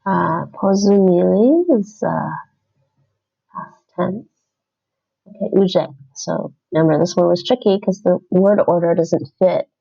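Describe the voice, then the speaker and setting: Slow gravelly woman thinking aloud. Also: on the low side, mellow, muffled recording. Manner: thinks aloud, chatty, self-correcting. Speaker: language-learning streamer. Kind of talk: casual livestream commentary while doing app lessons.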